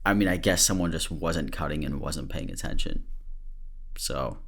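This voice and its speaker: Low-voiced man hosting a commentary podcast. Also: moderate pace, a bit bright. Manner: candid, laughing, swearing. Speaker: podcast host. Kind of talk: casual commentary.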